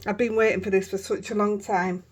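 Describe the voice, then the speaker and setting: Excited chatty Yorkshire woman. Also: mid-range voice, a little fast, breathy edge. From Yorkshire, England. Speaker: crafting vlogger. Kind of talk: casual show-and-tell chat.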